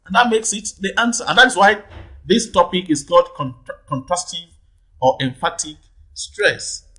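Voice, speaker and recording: A man teaches an exam lesson, walking through each option patiently. His voice sits a little high with a husky edge, and he often repeats the question number and checks in with "right?". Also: lively intonation, normal speed, pushed and bright, low-quality recording. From Nigeria. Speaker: exam tutor. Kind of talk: teaching lesson, explaining answers.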